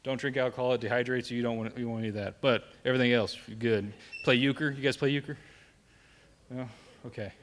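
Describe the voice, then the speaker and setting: A man's voice: medium pitch, steady tone, fast, a little hiss or hum. A young man with a Southern American accent, giving a joking, conversational safety talk to a live audience and often checking in with "right?". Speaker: safety presenter. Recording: long hall reverb.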